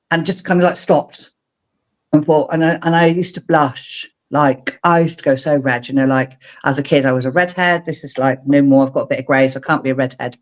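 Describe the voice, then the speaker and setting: A middle-aged woman from England, a guest on a video-call interview, telling animated stories and acting out her own past lines. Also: low-pitched, lo-fi sound. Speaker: guest, speaker mentor. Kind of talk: casual interview chat.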